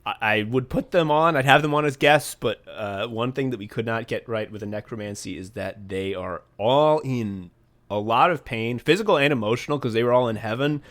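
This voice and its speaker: Guy cohosting a podcast, deadpan silly riffs, mid-pitched voice. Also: brisk. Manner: deadpan absurdist joking. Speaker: podcast co-host. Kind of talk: casual comedic chat.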